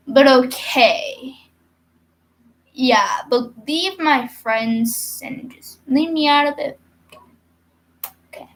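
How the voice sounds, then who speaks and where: A woman's voice: a little high, moderate pace. A young woman talking casually to camera in a rambling, hyper vlog monologue with giggly asides. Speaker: vlogger.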